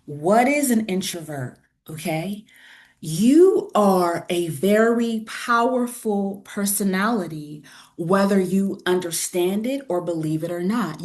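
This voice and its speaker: A woman hosting a webinar over a video call, speaking in a calm, enthusiastic teacher voice and often repeating herself. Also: medium pitch. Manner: slow, calm, repeats phrases. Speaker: webinar host. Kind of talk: guided breathing and lecture.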